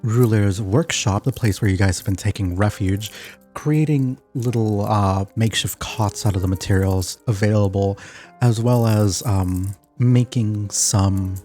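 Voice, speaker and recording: A young man running a tabletop game as game master, talking in a halting way with many fillers. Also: on the low side, mellow, faint music behind.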